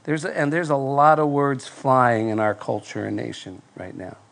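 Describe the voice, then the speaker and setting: A male pastor preaching to a live congregation, telling a self-deprecating story in a nasal, fairly monotone voice with halting restarts. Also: mid-range voice, gravelly. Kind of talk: sermon with personal story. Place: church before live congregation.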